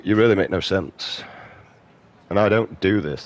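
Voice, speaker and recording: A British man in his thirties talks over his video game in a rambling, profane rant. His voice is extremely deep. He sounds combative and jumps from one gripe to the next. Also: expressive, normal speed, creaky, long pauses. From Britain. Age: 30s. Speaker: gaming streamer.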